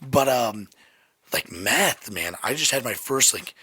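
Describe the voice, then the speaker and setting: Podcast host dude, joking around and swearing, pretty bright tone. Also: male voice, medium pitch, expressive, takes it slowly, husky, dry recording, studio quality. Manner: laid-back, joking, profane. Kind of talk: casual podcast chat.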